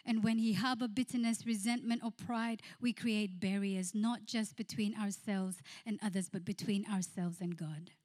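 Woman, pastor, sermon, middle pitch, conversational, laughing storyteller, hushed quotes. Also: fairly even intonation, normal speed, few pauses.

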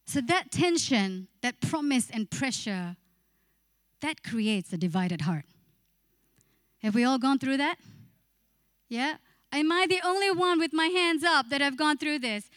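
High-voiced woman preaching a lively sermon. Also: measured pace, long pauses, no echo, clean studio sound. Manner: passionate, acts out inner voices, sings briefly. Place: church.

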